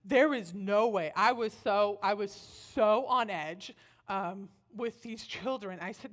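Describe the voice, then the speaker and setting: A woman speaker giving a personal storytelling talk at a church, animated and acting out the voices she quotes. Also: medium pitch, slow pace.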